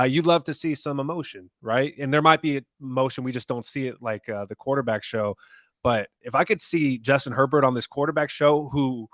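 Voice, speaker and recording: A man's voice: mid-range voice, a bit bright, no room sound, studio quality. A man co-hosting a sports podcast in a casual, agreeable way, chatting with his co-hosts. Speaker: podcast co-host.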